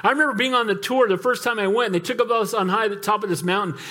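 High-voiced male preacher calling for amens. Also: rapid-fire. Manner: animated storytelling with calls for amen. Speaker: pastor. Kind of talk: sermon.

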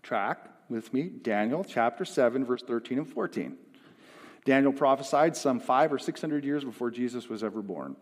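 A male pastor preaching a sermon, moving from hushed, quiet passages to loud, emphatic ones. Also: mid-range voice, animated, moderate pace. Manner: dynamic, swings from hushed to emphatic. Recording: long hall reverb.

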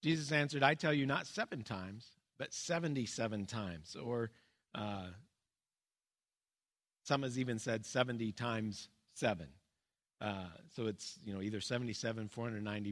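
Man, pastor, sermon, earnest, middle pitch, pauses and restarts, drops low and soft.

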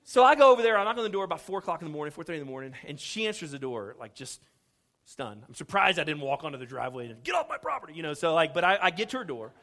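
A middle-aged man from Houston preaches through a personal story. His voice sits a little high, and he acts out each quoted line while poking fun at himself. It is a lively, humorous sermon delivery. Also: racing. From Houston, Texas. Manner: animated storyteller acting out quoted dialogue, self-deprecating humor. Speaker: pastor.

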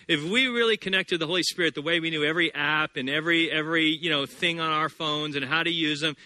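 A man in his thirties, a pastor preaching a sermon, playful and animated in his stories and then hushed and earnest. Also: a little high, dry recording.

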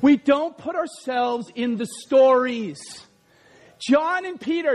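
A male pastor in his thirties preaching a lively sermon, acting out scenes and shouting at the peaks. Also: very high-pitched, unhurried. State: out of breath after acted run.

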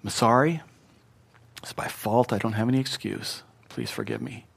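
A man preaching a sermon, emphatic, swinging between loud punchy lines and quiet ones and getting his audience to repeat words back. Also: medium pitch, slightly rough. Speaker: pastor.

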